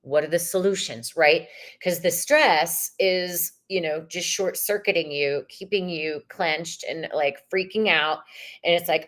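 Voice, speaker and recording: Slow-talking woman reading tarot live. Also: sits low, a bit bright. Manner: casual, swears freely, reads chat questions aloud. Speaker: tarot reader.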